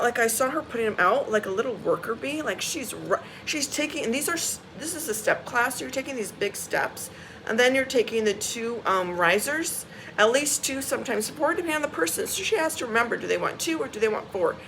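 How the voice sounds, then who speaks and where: A woman's voice: a little high, bright, forceful tone, slight background noise, low-quality recording. A woman telling a story in a casual vlog. She rants bluntly and swears, sounding exasperated and repeating her points for emphasis. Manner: emphatic, repeats key phrases. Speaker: vlogger.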